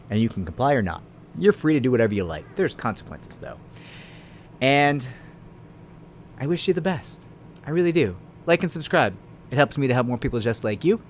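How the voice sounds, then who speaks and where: A man's voice: medium pitch, very animated, a little fast, long pauses, slight background noise. A man, a lawyer, explaining the law in a casual video, talking conversationally with tag questions and dry sarcastic asides.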